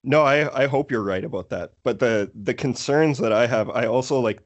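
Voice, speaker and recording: A man's voice: medium pitch, normal speed, highs cut off. A man hosting a casual podcast chat, joking, laughing easily and swearing. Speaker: podcast host.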